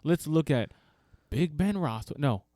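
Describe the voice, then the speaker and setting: A man's voice: a little high, expressive, measured pace, warm tone, no echo, studio quality. A man co-hosting a podcast in casual chat, opinionated, making his points by acting out what others say. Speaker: podcast co-host.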